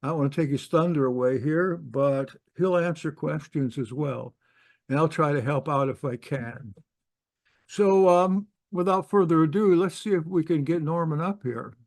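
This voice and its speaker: A man hosting an online talk, introducing a guest in an unhurried way, praising him freely, with some ums. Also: a little high, a little mellow. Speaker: host.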